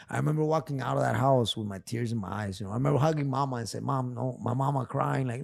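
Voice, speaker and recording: A man's voice: mid-range voice, quick pace, gravelly, hardly any pauses, no echo. A man guest telling a personal story on a casual podcast, emotional and profane, repeating phrases. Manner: repeats phrases, calls host big dog. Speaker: therapist guest.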